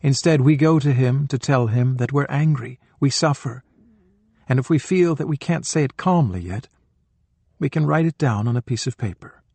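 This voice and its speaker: A middle-aged man narrates a spiritual audiobook in a gentle, measured manner. His voice is slightly husky and sits at an ordinary pitch. The studio recording is close and dry. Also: no echo. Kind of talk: calm scripted narration of a spiritual book.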